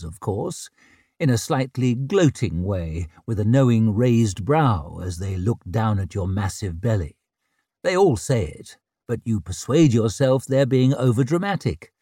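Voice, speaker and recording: Male audiobook narrator, animated delivery, dry studio sound. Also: medium pitch, dry recording. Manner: expressive storytelling. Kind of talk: scripted narration.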